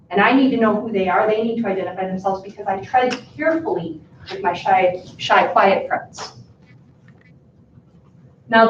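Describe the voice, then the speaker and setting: Teacher lady giving a talk, lively storytelling, muffled sound with faint background noise. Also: fairly high pitch, recorded from a distance. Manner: lively storytelling that acts out dialogue. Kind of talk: storytelling talk to fellow educators. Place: school presentation room. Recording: echoey room, voice from afar, muffled sound.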